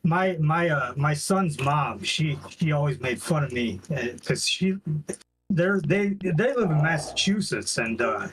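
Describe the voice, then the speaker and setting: A man chatting on a gaming livestream, halting and restarting his sentences often. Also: fairly high pitch, lively intonation, a bit bright, slight background noise, rough recording. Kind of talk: casual gaming chat.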